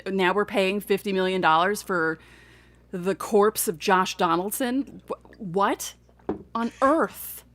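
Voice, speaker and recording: A woman's voice: mid-range voice, takes it slowly, a bit bright, dry recording. A woman guest on a sports podcast, talking emphatically and in exasperation. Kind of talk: casual sports podcast chat.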